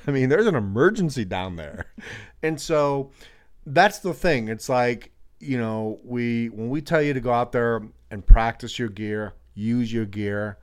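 A man's voice: mid-range voice, measured pace, clean tone. A man co-hosting a hiking video, chatting casually with chuckles and friendly advice. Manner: easygoing, chuckling, gives friendly backpacking tips. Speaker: co-host of a hiking channel.

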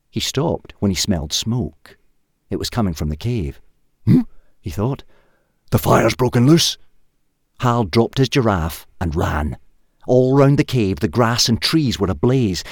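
A man reading a comic short story aloud in a lively, expressive way. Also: on the low side, breathy edge, no echo, studio quality.

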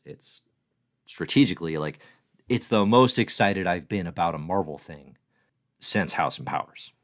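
Man, deep voice, very animated, livestream host, casual, playful, self-mocking. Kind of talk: casual live commentary answering chat.

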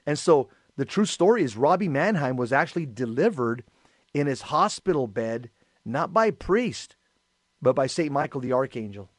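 A male talk show co-host with a mid-range voice and moderate pace tells stories in lively, casual radio talk, acting out the voices of the people involved. The studio sound is clean with no echo.

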